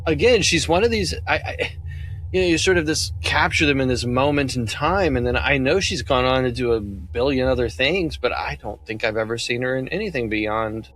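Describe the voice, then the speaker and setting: A man's voice: medium pitch, normal speed, a little hiss or hum. A man hosting a casual podcast chat about a movie, laughing often and quoting lines from it. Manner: animated, laughs often, quotes lines from the film. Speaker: podcast host.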